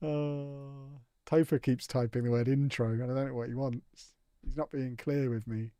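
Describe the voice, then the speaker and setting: A man's voice: mid-range voice, fairly even intonation, normal speed, dark tone, clear, resonant tone, no echo, clean studio sound. A young man hosting a casual live gaming stream, reading out chat and answering it with playful, teasing banter.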